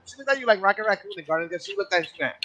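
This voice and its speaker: A man co-hosting a casual chat, chatty and quick to laugh, often restarting his sentences. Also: high voice, expressive, highs cut off, a loud crowd. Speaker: podcast co-host.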